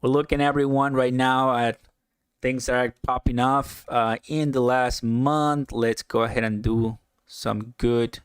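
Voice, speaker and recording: A man hosting a casual live stream, chatting excitedly, laughing often and answering viewer comments. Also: medium pitch, measured pace, clean tone, dry recording, studio quality.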